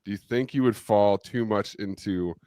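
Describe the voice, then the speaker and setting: A man's voice: fairly low pitch, moderate pace, mellow, no echo, studio quality. A man co-hosting a podcast, teasing his friends in wry, casual chat. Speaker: podcast co-host.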